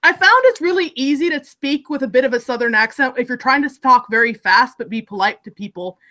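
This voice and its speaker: A woman's voice: high voice, fairly quick, sharp tone. A woman from Alaska with an Alaskan accent, chatting casually and rambling with restarts as a content creator. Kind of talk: casual group chat.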